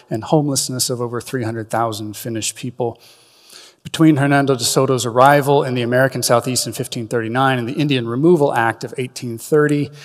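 A man giving an academic lecture, briskly recounting facts. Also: mid-range voice, long reverb tail. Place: lecture hall.

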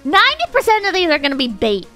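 A woman streamer chatting casually to her chat, excitable and swearing, often breaking into shouts. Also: very high voice, fast talker, soft background music. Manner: excitable, swears a lot, bursts into shouting and laughter. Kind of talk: casual live-stream chat reading posts to chat.

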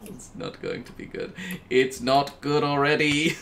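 Animated man narrating his gameplay. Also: a little slow, creaky, slight background noise. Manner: jokey, self-narrating, swings into high squeals when startled. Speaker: gaming YouTuber. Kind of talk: casual gameplay commentary.

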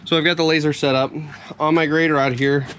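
A heavy equipment operator walks a building site for a casual vlog, chewing a little while he grumbles and explains his work step by step. His voice is a little high with little pitch movement, he talks fairly quickly, and the audio is very noisy.

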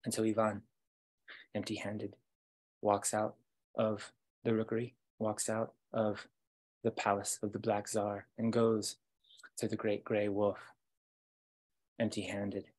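Husky low-voiced guy telling a fairytale on a video call, slow with pauses. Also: monotone, a little mellow. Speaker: storytelling guide. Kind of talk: fairytale storytelling.

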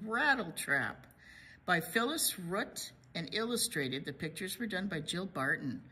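A woman's voice: fairly low pitch, sing-song, slow pace, pushed and bright, slightly rough. A woman hosting a library storytime, reading a picture book aloud to children with playful sound effects.

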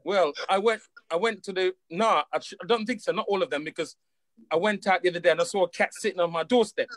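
A man's voice: high voice, fast, fairly bright tone, no room sound. A West Indian man with a Caribbean accent, a guest on a talk show, chatting in an easygoing, jokey way and often repeating his phrases. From West Indies. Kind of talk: casual chat.

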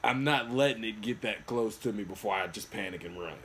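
A man's voice: fairly low pitch, fairly quick, slight background noise. A young man co-hosting a reaction video, chatting casually in a laid-back way with laughs and swearing. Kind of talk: casual chat.

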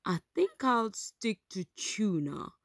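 A woman's voice: medium pitch, big pitch swings, takes it slowly, no room sound, clean studio sound, full character voice. A woman voicing a curious, bookish young male explorer in a children's storybook reading, eager and matter-of-fact.

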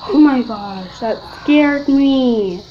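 A woman's voice: high-pitched, drawn-out words, muffled recording, slight background noise. A woman giving nervous, jumpy, giggly commentary while playing a horror game. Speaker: gamer.

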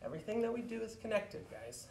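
A man leading an online martial arts class, explaining stances and shouting counts and drill commands. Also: sits high, sing-song, fast talker, vocal fry, slight background noise. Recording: roomy echo, mic far off.

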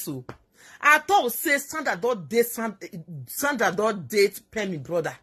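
Husky, lively Nigerian Pidgin woman ranting. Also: on the high side. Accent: Nigerian Pidgin English. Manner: emphatic, scolding, repeats herself, laughs mid-rant. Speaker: social media commentator. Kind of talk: casual live-stream rant.

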